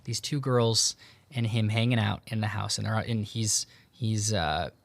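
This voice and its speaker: A man's voice: fairly low pitch, normal speed, creaky, no room sound. Easygoing male podcast host telling a story. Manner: relaxed, loose retelling with many fillers and quoted dialogue. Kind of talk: casual storytelling. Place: home in Tucson.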